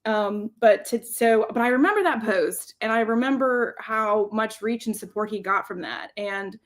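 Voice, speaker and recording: A woman's voice: on the high side, normal speed. A woman co-hosting a casual marketing podcast, rambling and restarting her sentences while minding her child. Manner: rambling, self-interrupting, laughs often. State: juggling childcare while talking. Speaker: podcast co-host.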